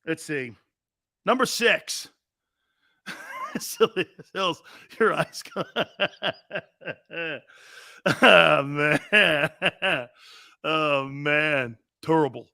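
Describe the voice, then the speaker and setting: A man's voice: fairly high pitch, expressive, extremely slow, creaky, long pauses, sharp tone, no room sound, clean studio sound. A man hosting a sports talk show, joking and rambling and laughing often.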